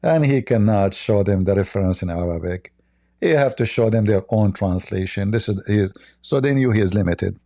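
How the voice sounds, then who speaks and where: A man hosting a live debate stream, talking in a mocking, sarcastic, halting way. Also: lowish voice, warm tone, no room sound, studio quality. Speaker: Christian apologist livestream host.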